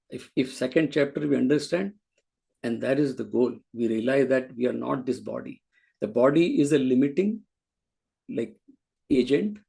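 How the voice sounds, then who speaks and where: A man leads a scripture class, explaining ideas step by step and often restarting his sentences. His voice is deeply gravelly and husky with a mellow, dark tone. He sits a little higher in pitch than most men. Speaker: spiritual teacher.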